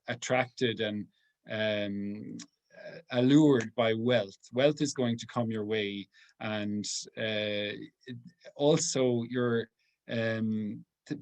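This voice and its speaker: A man, a priest giving an informal talk to a group. He speaks earnestly and softly, pausing often as he thinks aloud. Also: mid-range voice. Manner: halting, thinking aloud with many pauses.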